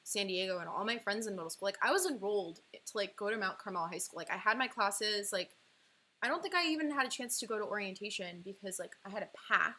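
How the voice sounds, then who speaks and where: A livestream host and artist from California, a woman in her twenties, tells a personal story fast, with lively intonation and a medium-pitched, bright, forceful voice. She's chatty and emotional, peppers her talk with "like" and bursts into laughs. There's slight background noise.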